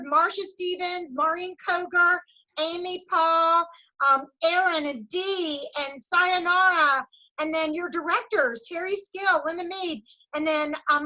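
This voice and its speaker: A woman with a high, bright voice runs a team meeting over a video call. She talks with bubbly enthusiasm, cheering her people on and saying "y'all" as she goes. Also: poor audio. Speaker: sales director leading a team meeting. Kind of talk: energetic team meeting pep talk.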